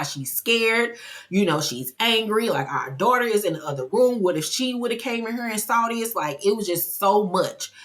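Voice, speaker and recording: A woman chattily recapping a TV episode in a casual, expressive way. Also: sits low. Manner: chatty and expressive, acting out quotes. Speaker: TV show recapper.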